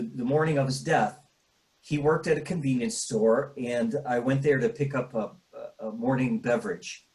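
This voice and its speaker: A middle-aged man, a grieving father, speaking in a halting way with many pauses and restarts, choked up and tearful at times. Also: medium pitch, a little mellow, poor audio. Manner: halting, full of fillers and restarts. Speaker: bereaved father. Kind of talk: emotional personal interview.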